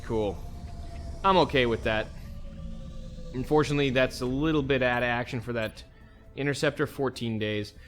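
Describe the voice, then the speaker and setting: An easygoing man talks through his turns in a relaxed, conversational way, thinking aloud as he plays. His voice sits at an ordinary middle pitch, with soft music running under it. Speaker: let's play host. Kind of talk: casual gameplay commentary.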